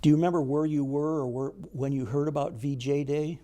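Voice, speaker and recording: A man interviewing a veteran, gently prompting him with questions. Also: a little high, steady tone, fairly quick. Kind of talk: oral history interview.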